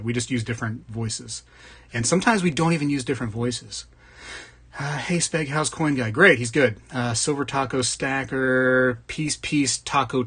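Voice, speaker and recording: Man, slightly husky voice, casual livestream host, jokey, reads chat names aloud. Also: mid-range voice, fairly bright tone. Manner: chatty, jokey, greets viewers by name. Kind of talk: casual live chat reading comments.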